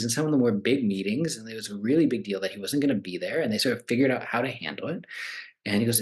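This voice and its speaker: A man's voice: lowish voice, expressive, fast talker. A man in his forties, a meditation teacher, talking casually and animatedly, acting out the voices of people he quotes. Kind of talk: conversational talk.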